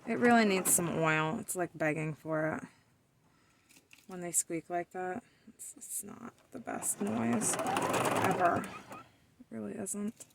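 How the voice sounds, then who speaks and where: Diy sewing lady talking to her fabric at the machine, kinda raspy fry, noisy machine clicking in the background. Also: on the low side, takes it slowly, long pauses. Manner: talks to herself and the fabric while sewing, playful scolding. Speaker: DIY sewing tutorial host. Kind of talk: casual chatty sewing commentary.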